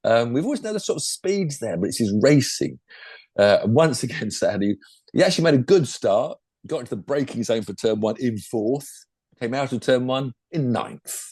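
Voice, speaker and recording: An older man, a former racing driver who now co-hosts a podcast, chats casually about motorsport in a rambling way packed with asides. His medium-pitched voice is husky and darkish, with lively intonation at a normal speed, and there's no echo.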